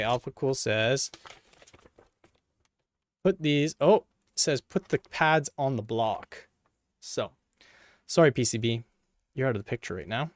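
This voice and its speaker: Gravelly-voiced man chatting through a build. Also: mid-range voice, dry recording. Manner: playful, jokey, talks to himself and viewers. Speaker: PC hardware video creator. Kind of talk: casual running commentary while working.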